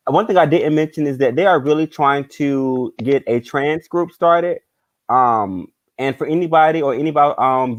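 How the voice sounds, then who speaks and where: A man's voice: medium pitch, no room sound, dull audio. A man hosting a casual talk show, rambling with many ums and restarts. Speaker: podcast host. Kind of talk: casual chat.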